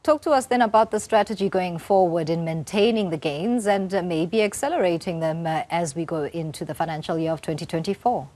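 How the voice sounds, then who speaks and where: Low-voiced woman news anchor. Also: brisk, few pauses, a little mellow, no echo. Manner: composed, with scattered 'uh' fillers in questions. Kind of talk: news interview.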